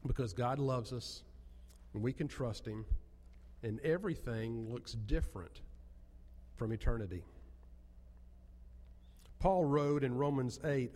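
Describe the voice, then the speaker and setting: A male pastor delivers an earnest sermon, pushing his phrases up to emphatic peaks. His voice is dark and mellow, and it rings out with the long reverb of a church sanctuary. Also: medium pitch, measured pace.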